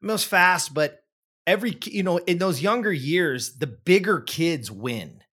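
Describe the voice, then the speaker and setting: Man in his forties, fairly high voice, animated storyteller, repeats words, casual chat. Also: moderate pace, husky. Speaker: podcast guest telling his story.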